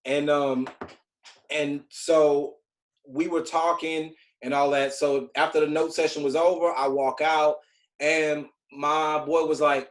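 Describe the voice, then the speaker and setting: A man's voice: fairly high pitch, steady tone, unhurried, reverberant, poor audio. A man in his forties with a Southern US accent, a TV writer casually telling a group about his career in a laid-back, rambling way, with lots of "like". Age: 40s. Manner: chatty, laid-back storytelling full of "like" fillers. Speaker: TV writer sharing career advice.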